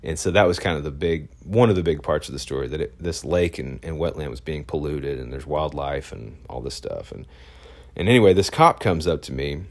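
A man with a very low voice tells a story as a photojournalist, casual and meandering. He stops and restarts often and leans on fillers. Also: expressive, fairly quick. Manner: rambling, with many fillers and restarts.

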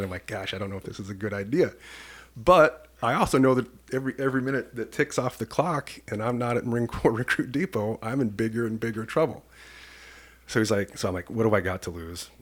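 A man from Iowa, a police commander and podcast guest, telling an animated personal story and acting out the people in it. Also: lowish voice. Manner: lively storyteller who acts out the people in his story.

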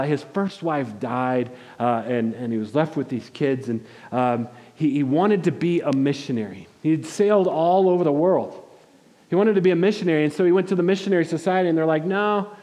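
A man's voice: a little high, a little fast, long reverb tail. A pastor delivering a conversational sermon, acting out quotes and restarting his phrases often. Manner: conversational, animated, frequent restarts and acted-out quotes.

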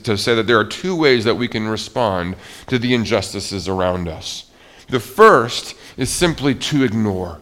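A man's voice: medium pitch, fairly bright tone. A male pastor preaching a sermon in a conversational way, often restarting his sentences. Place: church.

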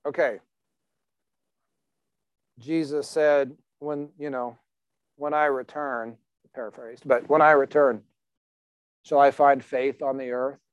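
A man's voice: on the high side, smooth, dry recording, dull audio. A man preaching a sermon as pastor in a conversational, emphatic way, asking the congregation questions.

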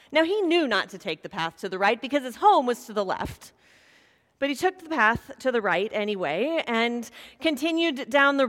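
Woman preacher in a reverberant sanctuary. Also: sits high. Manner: warm, conversational storytelling with asides. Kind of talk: sermon with storytelling. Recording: long reverb of a large hall.

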